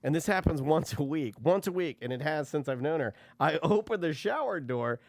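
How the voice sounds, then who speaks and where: A man's voice: on the high side, expressive, moderate pace, a little mellow, dry recording. A man hosting a casual studio podcast, joking brashly and crudely with his guests. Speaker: podcast host.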